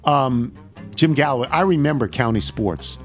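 A man's voice: mid-range voice, normal speed, faint music behind. An older man hosting a radio talk show, chatting loosely and reading listener emails aloud with chuckles. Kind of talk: casual radio chat.

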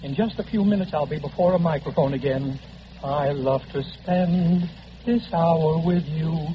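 A man trading eager, fast quips in 1930s radio comedy banter. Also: fairly high pitch, noisy background. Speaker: comedian and guest star. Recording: dull 1939 radio broadcast recording.

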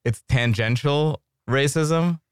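A man's voice: a little high, slow, clean tone, no echo, studio quality. A man chatting casually as a podcast co-host, joking and rambling with lots of restarts. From Iran. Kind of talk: casual chat.

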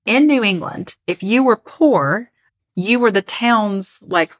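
A woman's voice: mid-range voice, lively intonation, slow. A young woman co-hosting a podcast, chatting casually, laughing often and telling a story to her co-host. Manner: chatty, laughs often, reads listener messages.

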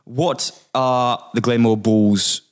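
A man's voice: mid-range voice, fairly even intonation, takes it slowly. An Australian man hosting a podcast, chatting and teasing in an upbeat, casual way, interviewing callers. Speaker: podcast host.

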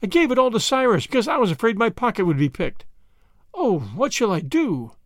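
A man's voice: high voice, very animated, brisk, no echo, studio quality, pitched above the performer's own voice. A man voicing a fussy, easily flustered old grandmother in a read-aloud story. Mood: panicked. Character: fretful chatty old grandmother.

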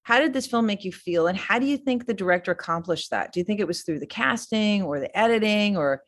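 A woman's voice: medium pitch, expressive, quick pace. A middle-aged woman guest in a casual interview, rambling enthusiastically with many fillers and restarts. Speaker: filmmaker guest.

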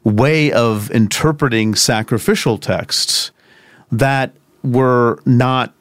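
A man's voice: medium pitch, slow pace, no echo. Thoughtful male podcast co-host, dry sound. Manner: thoughtful, rambling with restarts and asides. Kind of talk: conversational theology discussion.

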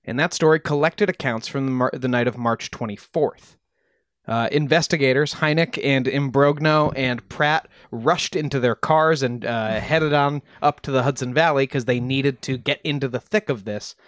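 A man's voice: mid-range voice, normal speed, dry recording, studio quality. Casual man retelling a story. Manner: relaxed, with frequent ums and restarts. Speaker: podcast host presenting research.

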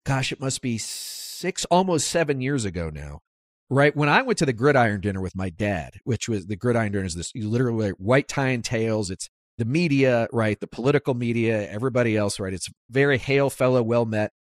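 A man hosting a political talk podcast, speaking emphatically and climbing in pitch as he drives his points home. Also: fairly quick, no room sound, clean studio sound. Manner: animated, emphatic, rises sharply when making points. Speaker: podcast host. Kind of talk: conversational political interview.

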